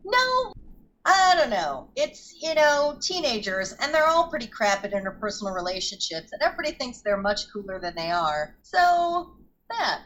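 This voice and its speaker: Lively, sweary woman co-host. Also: normal speed, slight background noise, rough recording. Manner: sweary, sarcastic, swoops between high and low. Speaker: podcast co-host. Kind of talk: casual chat.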